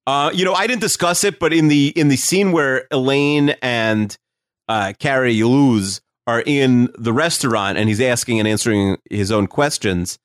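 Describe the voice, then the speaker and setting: A man on a podcast thinks out loud about a sitcom, stumbling through restarts and fillers as he builds a theory. His pitch sits in a middle range. The recording is dry with no room sound. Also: moderate pace, no echo. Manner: hesitant, restarts and fillers, speculative. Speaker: podcast co-host. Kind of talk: casual chat analyzing a sitcom.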